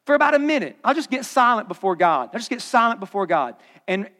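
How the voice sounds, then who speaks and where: High-voiced pastor preaching in a hall. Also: male voice. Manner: conversational, swings from loud punchy asides to hushed low emphasis. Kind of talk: sermon. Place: large church auditorium. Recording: long hall reverb.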